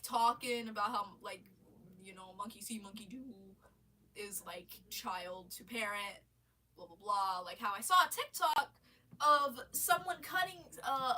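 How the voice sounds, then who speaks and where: Woman, high bright voice, breathy, casual rambling rant, swears a lot, slightly distant from the mic. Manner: animated, rambling, swears and laughs often. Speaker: live streamer. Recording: voice a bit far from the mic.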